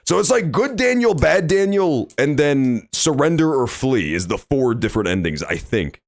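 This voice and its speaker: A young man streaming a game, reacting loudly and swearing often in casual commentary. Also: medium pitch, normal speed, no room sound. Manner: animated, reactive, swears often, loud outbursts. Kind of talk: let's play commentary.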